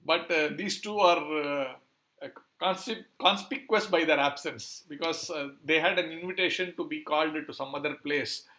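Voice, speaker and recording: Male preacher, fairly high voice, halting delivery with many fillers. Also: pushed and bright. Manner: hesitant, many fillers, searching for words. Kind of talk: scripture storytelling talk.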